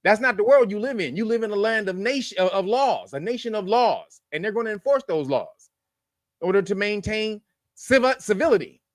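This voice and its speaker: A man's voice: high-pitched, expressive, a little fast, no echo, clean studio sound. A man hosting a news commentary show, blunt and profane, lecturing his viewers. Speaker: host.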